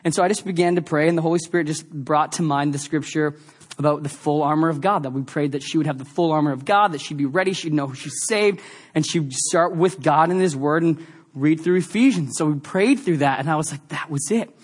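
A man's voice: fairly high pitch, fairly quick. A male pastor preaching a sermon, emphatic and repetitive, then slipping into a confiding personal story. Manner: emphatic, repeats lines, shifts to confiding storytelling.

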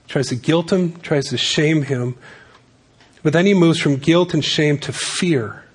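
A man's voice: fairly high pitch, a little slow, husky. A man preaching a sermon as pastor, reading scripture and adding casual, joking asides.

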